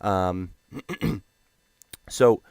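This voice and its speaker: Young man rambling, lower voice, dry sound. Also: very slow, clean tone, no echo. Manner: rambling, profane, animated. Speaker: gamer telling a story. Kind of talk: casual storytelling.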